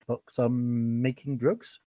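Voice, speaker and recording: A man's voice: mid-range voice, flat delivery, slow, mellow, no echo. A man playing a tabletop role-playing game, talking in a playful, bouncy way. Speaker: player.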